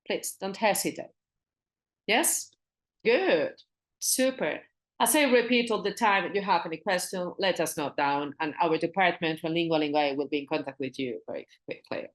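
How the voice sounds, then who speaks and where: Spanish-accented woman teaching English. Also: lowish voice. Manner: switches between English and Spanish, repeats phrases slowly for learners. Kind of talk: online business English lesson.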